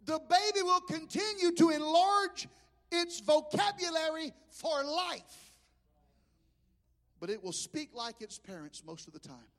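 A man's voice: very high voice, expressive, measured pace, fairly bright tone. A middle-aged man from Mobile, Alabama, with a Southern accent, preaching a sermon as a pastor, telling stories with stammering restarts and acting out voices. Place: church sanctuary. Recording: long reverb of a church hall.

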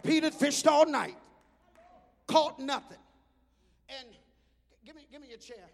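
A male preacher telling a storytelling sermon, breaking into rhythmic shouts. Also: extremely high pitch, a little slow, gravelly. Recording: echoey hall reverb.

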